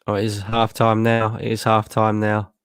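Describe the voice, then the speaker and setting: A man's voice: lowish voice, completely flat delivery, moderate pace, clear, resonant tone, no echo, studio quality. A young man from Lincolnshire streaming a live football watchalong, reading chat aloud, chatty and sweary, laughing often. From Lincolnshire, England.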